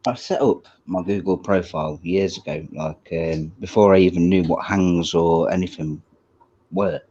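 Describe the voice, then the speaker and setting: A man's voice: low-pitched, normal speed, warm tone. A man in a casual group chat, talking bluntly and swearing freely. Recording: dull lo-fi audio.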